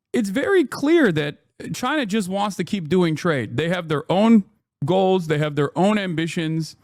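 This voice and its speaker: A man's voice: fairly high pitch, a little mellow, dry recording, studio quality. Ranting male streamer, sarcastic and profane. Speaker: political streamer. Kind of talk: casual reaction commentary.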